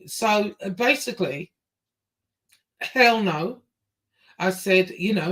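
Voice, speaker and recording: A woman from England with an English accent, telling a story in casual talk, bluntly and with some swearing, jumping up in pitch as she acts out what people said. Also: measured pace. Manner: lively, acts out quotes with big pitch jumps.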